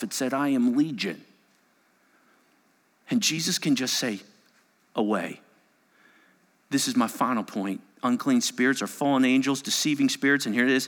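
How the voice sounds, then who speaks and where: A man preaching a sermon as pastor, animated, swinging between loud emphasis and hushed asides. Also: mid-range voice. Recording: long hall reverb.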